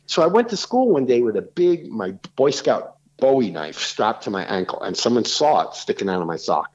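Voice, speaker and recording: A man, talking as a podcast guest in rambling, animated stories full of restarts. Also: mid-range voice, normal speed, lo-fi sound. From New York City. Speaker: rock singer, podcast guest. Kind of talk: casual podcast conversation.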